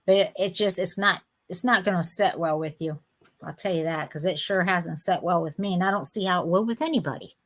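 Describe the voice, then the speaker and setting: A woman's voice: on the low side, fairly quick. A middle-aged woman, chatting with viewers by name while hosting a live sale, indignant and talkative. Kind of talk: casual live-stream chat.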